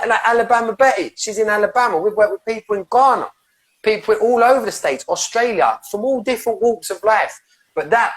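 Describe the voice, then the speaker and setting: A soul coach with a high, fairly bright voice speaks on a podcast about breathwork with fiery, emphatic passion. He curses freely and rambles, tripping over restarts and repeated words while pushing his point.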